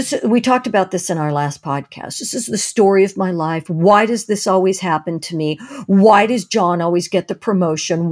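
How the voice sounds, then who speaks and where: A woman hosting a podcast, talking in a conversational way and animatedly acting out scenes as she explains, with some restarts as she thinks aloud. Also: mid-range voice. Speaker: podcast host.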